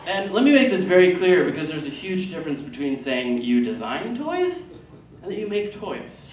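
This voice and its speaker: With a high-pitched, sing-song voice at a moderate pace, a man in his thirties performs self-deprecating stand-up in a theater, playing out other people's lines. The audio comes from a distance in an echoey space with loud noise.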